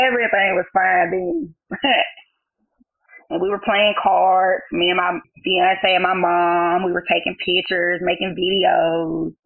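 A woman's voice: fairly low pitch, slow. Young mother, phone-like sound. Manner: animated and emotional, laughing often. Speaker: new mother. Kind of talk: personal storytelling interview.

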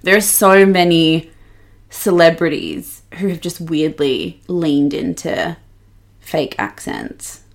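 A young woman co-hosting a podcast, gossiping in a casual, animated, sweary way and mimicking the people she talks about. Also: sits low, slow pace. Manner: animated, sweary, mocking quoted voices. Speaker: podcast co-host.

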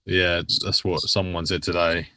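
A man with a very low but bright voice co-hosts a casual football podcast. He gives blunt opinions and chips in with short remarks, recorded in a dry, close sound. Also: level tone, no room sound. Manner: blunt, laughs along, quick interjections. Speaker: podcast co-host.

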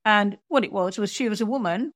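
A woman author telling an animated story in an interview, acting out the people she quotes. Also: medium pitch, brisk, no room sound. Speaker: author and guest.

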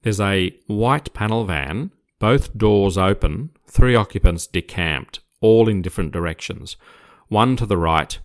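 A man's voice: on the low side, animated, unhurried. An older man from Australia, a retired police officer, telling a story in casual conversation, hesitant with repeated words but growing vivid. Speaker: retired police officer recounting his career.

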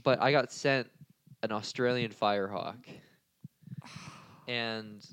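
A man co-hosting a comedy podcast, telling absurd stories in a deadpan, slangy way. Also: on the low side, slow, clear, resonant tone, dry recording. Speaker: podcast co-host. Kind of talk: comedic banter.

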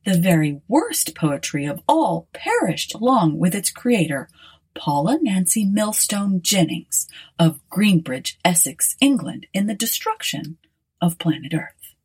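A woman narrating an audiobook in a wry, expressive storytelling manner. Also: on the low side, a little slow, slightly rough.

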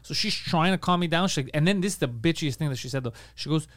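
A man, a podcast co-host, telling a story in casual comedic chat, fast and profane as he rants. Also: a little high, a bit bright, no room sound.

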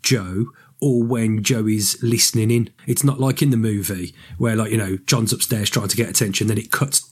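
A man with a fairly low, husky voice co-hosts a podcast at normal speed, discussing a book and its film in a loose, animated way. He rambles and keeps correcting himself.

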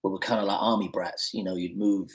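A man from Scotland, an actor guest on a podcast, telling stories in a relaxed way with lots of fillers and restarts. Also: low voice, quick pace. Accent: mixed Scottish and English, Americanised. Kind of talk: casual podcast chat.

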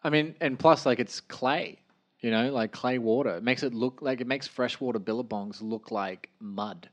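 A man's voice: medium pitch, moderate pace. An Australian man co-hosting a podcast, rambling and joking with frequent laughs in casual chat. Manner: rambling, jokey, laughs often. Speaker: podcast co-host.

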